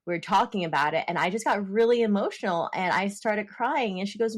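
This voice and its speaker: A woman's voice: medium pitch, animated, a little fast. A woman co-hosting a podcast, telling stories about motherhood in a casual, conversational way. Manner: conversational storytelling. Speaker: podcast co-host. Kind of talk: casual chat.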